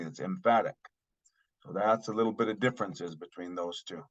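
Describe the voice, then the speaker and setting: A man teaching a language lesson, saying each phrase twice slowly and then explaining it in plain terms. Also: mid-range voice. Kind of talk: slow spoken language lesson.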